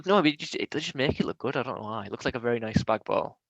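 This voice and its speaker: Young lad, quick and gravelly, dry dull lo-fi mic; rambling co-host who swears. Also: male voice, medium pitch, expressive, no echo. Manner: chatty, rambling, swears freely. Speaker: podcast co-host. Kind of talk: casual banter.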